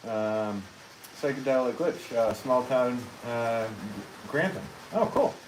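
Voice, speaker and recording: Casual male potter, mid-pitched voice, chats with viewers on a noisy stream from his studio. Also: expressive, slow. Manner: easygoing, reads viewer comments aloud and chats back with soft laughs. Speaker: potter live-streaming while throwing pots. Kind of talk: casual live-stream chat. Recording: noisy live-stream audio with clear background hiss.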